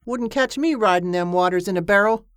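A woman voicing a gruff, easygoing first mate on a ship, with a drawling folksy manner. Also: mid-range voice, brisk, no echo, clean studio sound, natural voice. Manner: drawling, folksy rough grammar.

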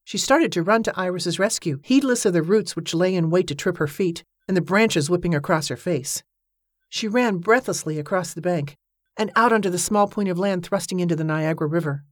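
A woman with a lowish voice reads a novel aloud as an audiobook narrator, steady and even in her storytelling. Her scripted narration has no echo and a clean studio sound.

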